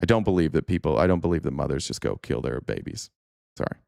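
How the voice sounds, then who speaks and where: A man's voice: very deep voice, expressive, fast talker, creaky, darkish tone, no echo, clean studio sound. A man hosting a political talk stream, ranting angrily with heavy profanity and sarcastic mock quotes while answering chat comments. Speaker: political talk show host.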